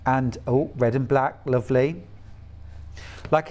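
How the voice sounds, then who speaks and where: A man's voice: medium pitch, fairly even intonation, unhurried, pauses often, darkish tone, slight background noise. A middle-aged man from the UK presenting fabrics on a live shopping channel in a chatty, gushing, enthusiastic way.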